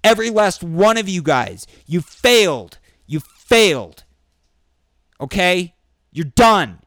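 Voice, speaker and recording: Fired-up, sweary high-voiced man ranting. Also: sing-song, takes it slowly, dry recording, studio quality. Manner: angry, sweary, ranting with bursts of shouting. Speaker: vlogger. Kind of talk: profane political rant. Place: indoors during a thunderstorm.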